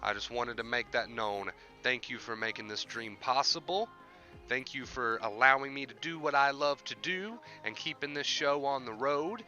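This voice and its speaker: A man talks straight to his live-stream audience, earnest and heartfelt while still in grief. His voice is sharp and bright at a middling pitch, and he circles back on his own phrases. Faint music sits behind him. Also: moderate pace, muffled recording. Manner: earnest and heartfelt, repeats himself for emphasis. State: grieving. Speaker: YouTube live-streamer hosting a mental-health Q&A. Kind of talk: casual live-stream talk to viewers.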